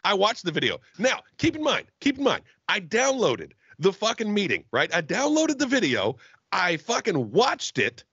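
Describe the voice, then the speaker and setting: A man's voice: sits high, wildly swooping pitch, moderate pace, vocal fry, a bit bright, husky, dry recording, lo-fi sound. A man co-hosting a comedy podcast over a call, ranting in crude, mock-angry banter. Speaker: podcast co-host. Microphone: remote call mic.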